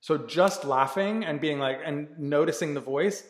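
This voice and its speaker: A man's voice: on the high side, normal speed. A man who works as a life coach gives a candid, earnest motivational talk, swearing freely and often restarting his sentences. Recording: echoey room with long reverb.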